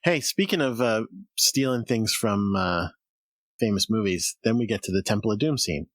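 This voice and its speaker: A man's voice: lowish voice, expressive, moderate pace, fairly bright tone, no echo. A man co-hosting a podcast, chatting casually, laughing often and restarting his sentences. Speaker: podcast co-host. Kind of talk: casual chat.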